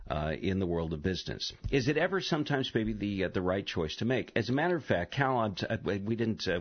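A man hosting a live call-in radio talk show, chatty and halting with frequent fillers. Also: lowish voice. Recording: dull lo-fi radio broadcast.

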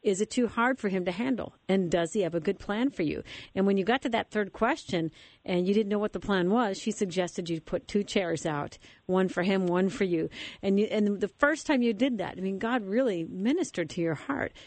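A woman's voice: mid-range voice, moderate pace, a little mellow, no echo. A woman hosting a faith radio interview, asking long questions in a conversational way. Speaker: radio host.

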